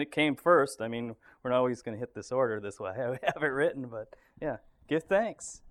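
A man leading a casual group Bible study, relaxed and thinking aloud, often chuckling. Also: medium pitch.

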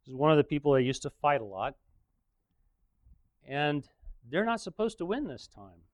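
A man's voice: fairly high pitch, very animated, normal speed, no room sound. A man preaching in a casual, joking way, retelling a story with frequent chuckles.

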